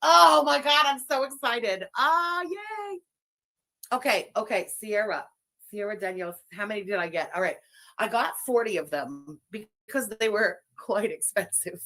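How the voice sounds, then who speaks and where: A woman in a played clip, gushing and rambling excitedly and swearing as she talks. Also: medium pitch, moderate pace, natural voice.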